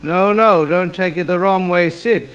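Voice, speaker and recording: A man's voice: sits high, a little slow, a bit bright, clean tone, muffled recording. A man doing a pompous, fussy, self-pitying gent. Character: pompous suburban man with a fussy, indignant temper. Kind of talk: AI-voiced comedy sketch.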